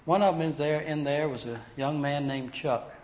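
A man preaching a storytelling sermon, animated, acting out the voices of people he quotes. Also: fairly high pitch, moderate pace. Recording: dull lo-fi sound with faint hiss.

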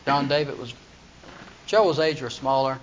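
A man's voice: medium pitch, unhurried, slight background noise. A man preaching a humorous sermon, telling the story playfully with chuckles, in a dull lo-fi recording.

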